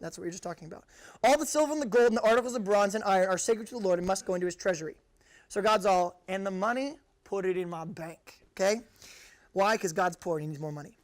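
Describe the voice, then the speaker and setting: A young man preaching to high school students in a casual, joking way, reading scripture and acting out the people in it. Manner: jokey, conversational, acts out quotes. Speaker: youth pastor. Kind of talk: casual youth sermon.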